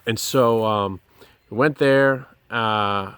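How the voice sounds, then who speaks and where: Earnest man telling a halting personal story. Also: lowish voice, fairly bright tone, clean tone, dry recording. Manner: earnest, halting, with many pauses and restarts. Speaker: person sharing a personal testimony.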